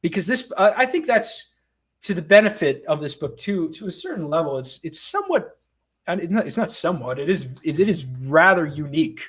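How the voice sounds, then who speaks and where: A man, a comic book writer being interviewed, chatting casually and telling animated, self-mocking stories. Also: a little high, fairly quick, breathy edge.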